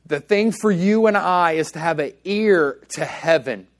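A man's voice: on the high side, measured pace. A male pastor preaching a sermon in a church, telling stories in a casual, conversational way and acting out the dialogue.

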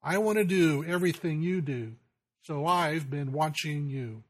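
A man's voice: a little high, unhurried. A man voicing an eager four-year-old boy who adores his dad, as he recites song lyrics in a raised childlike voice. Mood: adoring.

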